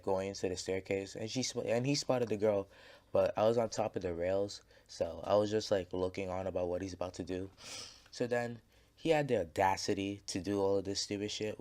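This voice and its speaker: A man's voice: low voice, fairly quick, darkish tone. A man casually telling a story over gameplay, rambling and swearing, with lots of fillers and restarts. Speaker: gaming channel creator.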